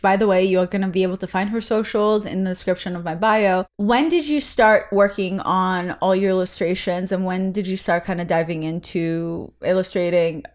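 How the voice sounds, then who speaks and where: A woman's voice: fairly low pitch, darkish tone. A woman hosting a podcast interview, who asks questions in a playful, joking way. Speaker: podcast host.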